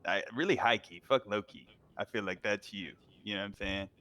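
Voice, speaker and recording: Roleplay gang member, male, slangy hype man, slightly low voice. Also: brisk, sharp tone. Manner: slangy, hyping others up. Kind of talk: in-character roleplay chat.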